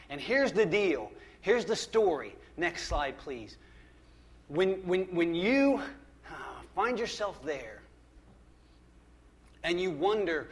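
A man's voice: sits high, animated, measured pace. Man preaching a conversational sermon. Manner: conversational, emphatic, frequent restarts and repetition. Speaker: pastor.

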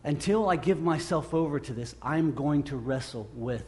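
A man's voice: a little high, expressive. Earnest, stumbling middle-aged male preacher. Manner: earnest, halting with repeated restarts, swells loud when acting out scripture. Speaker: pastor. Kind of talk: sermon.

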